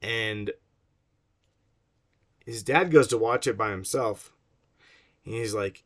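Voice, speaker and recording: A man's voice: fairly low pitch, takes it slowly, long pauses, a bit bright. A man reading a book aloud and breaking off into wry, digressive asides, laughing at his own jokes.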